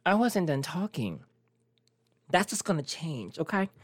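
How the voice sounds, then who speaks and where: Sassy brash host, animated swooping pitch, dry close sound, teasing casual chat. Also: unhurried, no echo. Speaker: podcast host.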